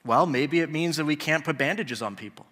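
A man's voice: fairly high pitch, fairly quick, a bit bright, big-room sound. A man preaching a sermon in a conversational way, asking the congregation rhetorical questions. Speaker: pastor.

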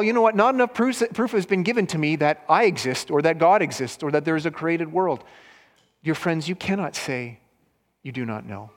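A man preaching a sermon as pastor, earnest and emphatic, swinging between loud stresses and hushed lines. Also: a little high, in a large hall.

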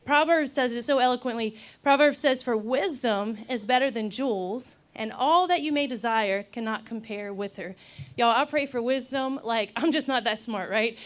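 A young woman preaching a sermon in a lively, laughing, storytelling way. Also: a little high, moderate pace. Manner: animated, laughs often, acts out quotes.

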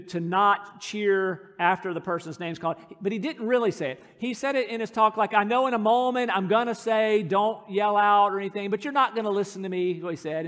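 A middle-aged male pastor with a fairly high voice, preaching in an earnest, storytelling manner with touches of self-deprecating humor. His voice carries a long reverb through a church sanctuary. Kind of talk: sermon.

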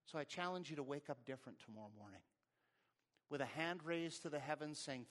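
A man preaching a sermon as pastor, with rising emphasis and a quiet prayer. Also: a little high, animated, brisk. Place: church service, also streamed online.

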